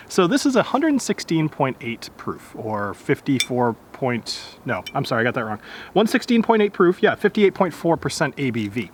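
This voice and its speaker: Lively, chatty man reviewing whiskey outdoors. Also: fairly high pitch, a little hiss or hum. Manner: chatty, self-correcting. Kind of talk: casual review chat. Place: outdoors in nature.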